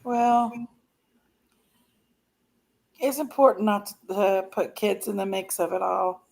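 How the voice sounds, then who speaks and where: Gravelly, teasing woman guest. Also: mid-range voice, slow pace, a little mellow. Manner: crude, teasing banter. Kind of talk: casual livestream talk.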